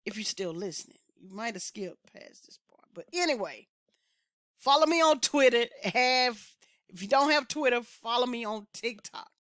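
Woman vlog host, emphatic and excitable, a bright, forceful tone, dry close sound. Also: a little high, moderate pace, no room sound. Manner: excitable, emphatic, loud exclamations and frequent laughs. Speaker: music reaction channel host. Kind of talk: casual reaction vlog chat.

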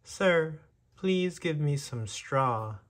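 A man's voice: a little high, expressive, extremely slow, fairly bright tone, pitched above the performer's own voice, exaggerated voice. A man voicing a timid little mouse who keeps begging for help, in a storybook reading. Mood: pleading. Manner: pleading, breathless.

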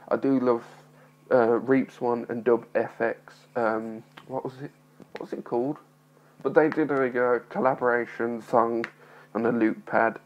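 Young male vlogger, gravelly, mild speech impediment, shy and apologetic, recorded on a phone. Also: mid-range voice, dull audio. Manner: nervous, apologetic, rambling with many fillers. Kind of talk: casual talking-to-camera vlog.

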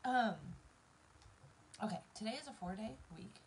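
A woman's voice: medium pitch, normal speed, a little hiss or hum, rough recording. A woman in her thirties with a Southern American accent, chatting casually to viewers on a live stream while doing her makeup, emotional and close to tears. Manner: emotional, teary, talks straight to viewers. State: tearful, near crying.

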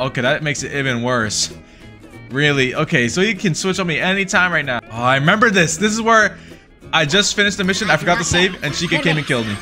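A man giving excitable let's play commentary on a horror game, swinging between mutters and yelps. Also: on the high side. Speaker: gaming YouTuber.

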